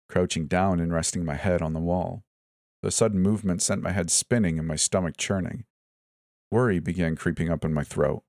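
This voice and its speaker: Brief: male horror narrator, very low voice, dry close sound, tense first-person telling. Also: a little mellow, dry recording. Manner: tense first-person storytelling, voicing each character in turn. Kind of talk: scripted horror story narration.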